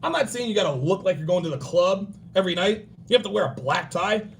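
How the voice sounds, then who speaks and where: A man in his forties hosting a livestream, giving blunt, profane dating and grooming advice and acting out other people in quick bursts. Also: high voice, animated, creaky, a little hiss or hum. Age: 40s. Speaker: livestream host.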